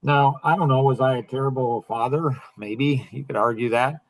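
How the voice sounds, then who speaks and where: A man's voice: mid-range voice, fairly even intonation, normal speed, dry recording, low-quality recording. A middle-aged man hosting a talk, telling a story to a group and driving his points home by repeating them. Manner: emphatic, repeats key phrases. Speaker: host.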